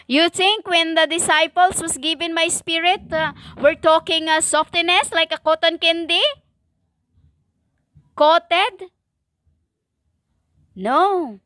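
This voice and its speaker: A woman preaching a stern religious monologue in halting non-native English, with many fillers and emphatic repetition. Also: very high-pitched, pushed and bright, dry recording, clean studio sound. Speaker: self-styled prophetic preacher.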